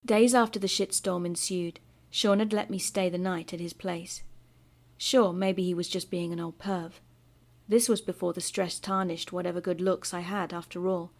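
A woman reading a scripted first-person horror story in a measured, bitter tone. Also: lowish voice, steady tone, darkish tone. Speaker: story narrator. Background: music.

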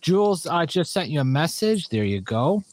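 Guy hosting a live stream, bouncy voice going up and down, kinda high, dry sound. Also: very animated, normal speed, no room sound. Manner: shouts out viewers, loose and joking. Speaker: livestream show host. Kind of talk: casual livestream chat.

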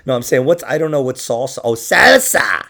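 A man's voice: medium pitch, expressive, normal speed, vocal fry, sharp tone. A man hosting a podcast in loose, profane, rambling chat, often breaking into laughter. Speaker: podcast host. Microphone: podcast microphone.

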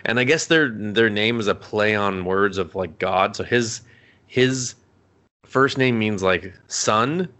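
A man's voice: fairly low pitch, slow pace, sharp tone. A man co-hosting a casual podcast, rambling through an anime recap, swearing a lot and acting out the characters' lines. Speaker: podcast co-host.

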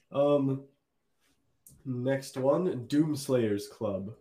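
A man's voice: medium pitch, very slow, warm tone, breathy edge. A young man co-hosting a casual podcast, laid-back with a teasing streak. His voice sits in an ordinary middle register, and he keeps an easy conversational tone. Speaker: podcast co-host. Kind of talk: casual chat.

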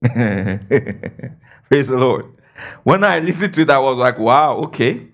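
A man's voice: expressive, slow. A man preaching a sermon and teaching the Bible, asking the congregation questions and filling his talk with "praise God" and "all right". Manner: emphatic, swoops between high and low.

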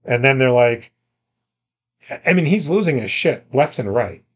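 Speaking a little slowly in a medium-pitched, breathy voice, this podcast co-host chats casually about movies. He trades gossip and complaints about a film, telling stories in an animated, profane, loose manner.

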